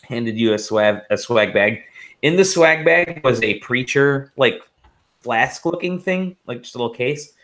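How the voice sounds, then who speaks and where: A man's voice: medium pitch, lively intonation, measured pace, a bit bright. A man co-hosting a casual podcast, rambling through stories with swearing and laughter. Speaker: podcast co-host.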